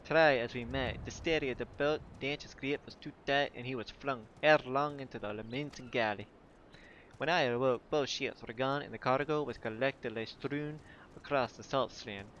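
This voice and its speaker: A man's voice: mid-range voice, moderate pace, fairly bright tone, highs cut off, slight background noise, lightly acted. A man voicing a flustered male dockhand in a fumbling put-on sailor accent, reading a game's dialogue. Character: flustered male dockhand, clumsy non-fighter.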